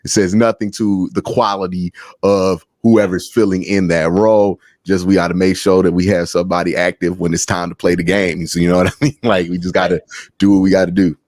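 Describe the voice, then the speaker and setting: A man co-hosting a sports talk show in a relaxed, slangy way, often laughing. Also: low-pitched, fairly quick, dry recording. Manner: laid-back, laughing, slangy. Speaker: co-host. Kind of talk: casual sports podcast chat.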